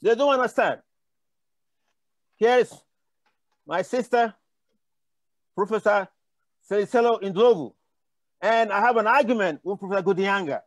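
A man's voice: sits high, unhurried, pauses often, no room sound. An older man from Africa speaking on a conference panel, telling impassioned, rambling stories with frequent restarts. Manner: impassioned, digressive storytelling with many restarts.

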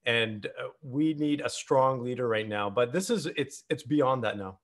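Man, host, casual conversation, blunt storyteller, acts out dialogue, mid-pitched voice. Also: measured pace.

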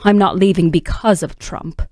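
A woman's voice: lowish voice, moderate pace, darkish tone, no room sound, studio quality. A woman voicing a snooty British woman writer, reading her essay aloud in a put-on British accent with a prim, haughty manner. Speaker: radio co-host. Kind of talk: dramatic reading.

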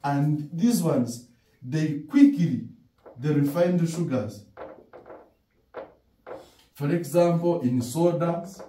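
Man, Ugandan accent, lecturer, slow deliberate delivery, mellow tone, quizzing style with repeated key words. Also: on the high side, expressive. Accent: Ugandan English. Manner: asks rhetorical questions and answers them himself. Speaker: dental lecturer. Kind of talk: classroom lecture. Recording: roomy echo, distant from mic.

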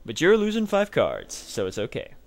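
A man's voice: on the high side, wildly swooping pitch, moderate pace, vocal fry. A man giving let's play commentary on a card game, trash-talking his opponent with mock anger and frequent laughs.

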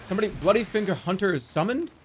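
A man streaming a video game, casually chatting and telling a long, excitable story, swinging from low mumbles to yelps. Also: very fast, faint music behind. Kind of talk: casual gameplay commentary.

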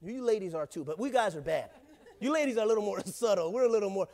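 Male pastor with a high voice, relaxed and jokey delivery, keeps asking the congregation for responses. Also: quick pace. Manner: casual, joking, calls out to the congregation. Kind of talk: sermon. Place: church.

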